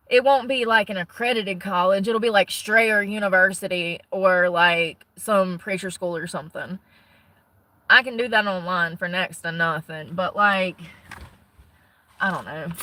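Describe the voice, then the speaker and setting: A woman's voice: medium pitch, sharp tone, low-quality recording. A woman vlogging from the car she lives in, rambling bluntly and cursing, a little out of breath. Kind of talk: casual chat.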